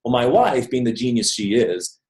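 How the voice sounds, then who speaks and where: A man's voice: medium pitch, very animated, normal speed, a little mellow. A man in his thirties telling a personal story to a live audience in a chatty, joking manner, often checking in with "okay?". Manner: conversational, jokey, keeps checking in with "okay?". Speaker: motivational speaker. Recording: roomy echo.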